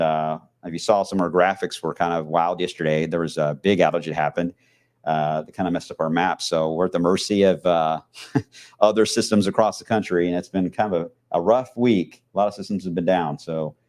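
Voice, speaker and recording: A man's voice: sits low, a little fast, a little mellow. A man with a Southern country accent, a TV meteorologist chatting casually on a weather livestream, mumbling and rambling with lots of fillers.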